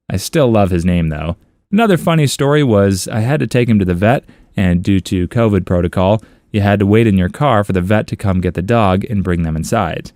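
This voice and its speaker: A man's voice: dry recording, clean studio sound. A man narrating online comments aloud for a story channel, in a playful, amused reading. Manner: playful, amused reading with lively pitch swings.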